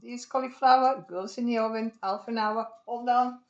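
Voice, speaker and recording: A woman's voice: fairly high pitch, fairly even intonation, normal speed, roomy sound, dull audio, noisy background. A woman with an Italian accent giving a cooking demonstration at home, chatty and digressive, laughing often. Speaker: home cook.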